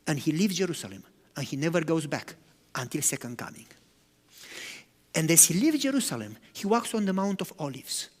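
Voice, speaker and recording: A man preaching a sermon as pastor, animated, swinging from loud to hushed. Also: fairly high pitch, husky. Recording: long hall reverb.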